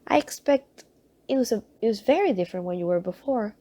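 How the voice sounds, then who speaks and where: A woman's voice: mid-range voice, lively intonation, fairly quick, mellow, natural voice. A woman reading aloud, voicing a flustered and chatty nun who babbles in a hurry. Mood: gushing. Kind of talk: audiobook character reading.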